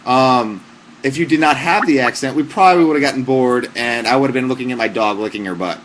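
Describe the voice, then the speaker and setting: Young male livestream host, mid-range voice, deadpan comic advice, rambling fillers. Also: mid-range voice, fast, slight background noise. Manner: mock-serious, deadpan joking advice with frequent fillers. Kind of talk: casual comic livestream chat.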